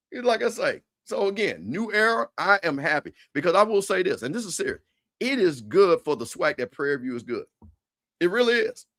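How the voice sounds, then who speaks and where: A man with a fairly high voice talks trash on a casual livestream. He is animated and repetitive, with lots of stammered restarts. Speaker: show host.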